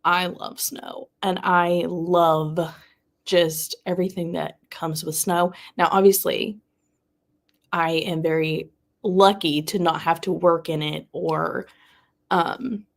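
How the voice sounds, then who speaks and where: A woman's voice: on the low side, steady tone, slow, vocal fry. A young woman with a Southern US accent, chatting in a bubbly, casual way with viewers during a live reading stream at home. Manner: bubbly and chatty, answers her chat. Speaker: booktuber hosting a live reading sprint. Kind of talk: casual livestream chat.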